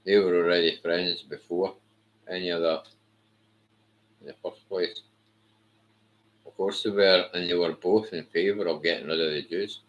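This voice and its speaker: A man's voice: deep voice, steady tone, moderate pace, long pauses, lo-fi sound. A man delivering a blunt, profane, scornful monologue to camera. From Britain. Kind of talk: ranting monologue.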